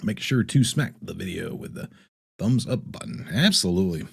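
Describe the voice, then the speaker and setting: A man's voice: low-pitched, lively intonation, moderate pace, creaky, slightly rough. A man hosting a casual live stream, reading viewer comments aloud and rambling with frequent laughs. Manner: loose and rambling, reads chat aloud, laughs often. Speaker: livestream host.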